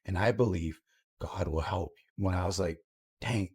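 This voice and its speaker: Deep-voiced man telling his story. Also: normal speed, a little mellow, breathy edge. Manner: earnest, tells his story with acted-out quotes. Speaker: guest. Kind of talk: storytelling in a podcast chat.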